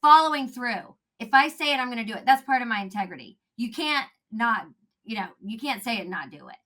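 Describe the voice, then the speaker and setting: A woman talking as a podcast guest, animated and laughing often, acting out quotes in a casual chat. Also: fairly high pitch, fairly quick.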